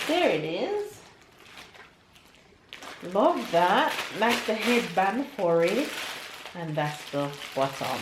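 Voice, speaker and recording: A woman's voice: medium pitch, sing-song, takes it slowly, long pauses. A woman vlogging casually as she unboxes gifts, gushing and emotional. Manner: gushing, emotional, near tears. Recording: echoey room with faint noise.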